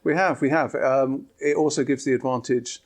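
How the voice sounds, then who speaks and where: A man, an app developer, calmly explaining new features in an interview. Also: mid-range voice, normal speed. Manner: steady, explanatory, with fillers.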